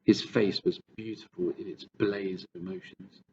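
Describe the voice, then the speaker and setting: A man calmly reading a children's book aloud. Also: deep voice, normal speed, muffled recording. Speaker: storyteller.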